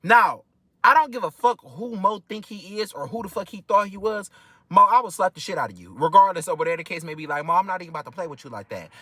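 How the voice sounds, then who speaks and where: A young man from Detroit with a Detroit accent, telling a personal story in an animated, profane way with many filler phrases. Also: high voice, fast, no room sound. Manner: animated, profane, keeps repeating "whatever the case may be". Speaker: vlogger. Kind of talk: casual storytime.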